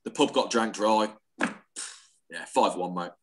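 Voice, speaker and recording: A man's voice: lowish voice, slow. A man in a casual chat, blunt and to the point. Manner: blunt, short statements. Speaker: podcast guest.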